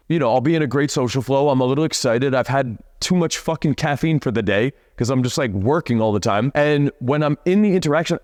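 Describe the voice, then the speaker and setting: A young man coaching on dating, talking bluntly and profanely, and dragging out key words slowly for emphasis. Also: mid-range voice, a little mellow, no room sound, studio quality. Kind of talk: direct-to-camera coaching talk.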